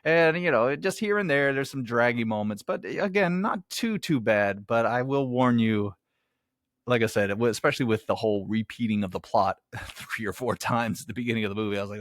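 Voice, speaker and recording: A man's voice: on the low side, brisk, no echo. Casual rambling male movie reviewer, dry sound. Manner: rambling, offhand, swears casually.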